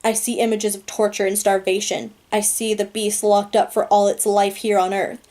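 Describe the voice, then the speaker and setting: A woman reads a novel aloud in a calm, steady way. Her voice is mellow and dark, and her delivery is flat and even. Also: mid-range voice, moderate pace. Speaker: audiobook reader.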